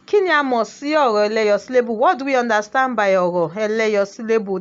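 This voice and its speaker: A woman teaching a Yoruba language lesson, moving between Yoruba and English and often asking rhetorical questions. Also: a little high. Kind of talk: classroom lesson. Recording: dull lo-fi sound.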